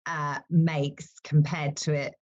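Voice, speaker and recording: A woman funeral celebrant being interviewed, telling stories in a lively, animated way and laughing at herself. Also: low voice, takes it slowly, muffled recording. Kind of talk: conversational interview.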